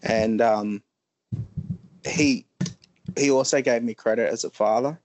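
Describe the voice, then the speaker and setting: A man telling an emotional personal story slowly, with many pauses and ums. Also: medium pitch, steady tone, a little mellow, no echo. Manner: halting, frequent ums, pauses.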